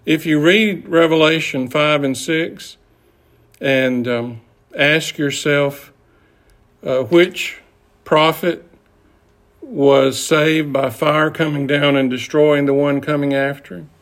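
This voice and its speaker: A man teaching a Bible study class, speaking deliberately with pauses and fillers. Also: on the high side, fairly even intonation, a bit bright.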